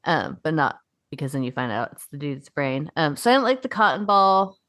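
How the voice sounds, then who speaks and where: A woman with a slightly low voice talks through a casual podcast chat, rambling and trailing off with frequent laughs. She is a young adult co-host who swears in passing. The sound is close and dry. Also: big pitch swings, brisk, a bit bright, no room sound.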